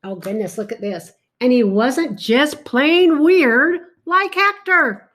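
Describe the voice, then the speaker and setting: Slow, high-voiced woman reading aloud. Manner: animated, talks to a child between pages; slow and warm, exclaiming often. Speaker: reader to a child. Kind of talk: picture book read-aloud.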